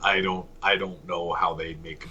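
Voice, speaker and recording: A man's voice: sits low, little pitch movement, normal speed, pushed and bright, slightly rough, lo-fi sound. A man from Canada co-hosting a casual sports podcast, talking analytically and correcting himself as he goes. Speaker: podcast co-host.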